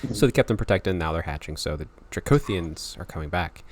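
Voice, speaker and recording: A man's voice: deep voice, expressive, fast, crowd noise. A young man hosting a casual video-call podcast, rambling, laughing and swearing freely. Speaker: podcast host. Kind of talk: casual chat.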